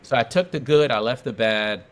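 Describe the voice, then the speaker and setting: A middle-aged New Yorker tells his story as a guest in a casual podcast interview, speaking emphatically and often repeating phrases for effect. His voice is mid-range, at a moderate pace.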